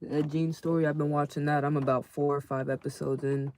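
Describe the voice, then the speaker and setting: A man casually telling a story to his live chat in a slangy, animated way, acting out the people in it. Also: on the high side, fairly quick, a little hiss or hum. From California. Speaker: livestream host.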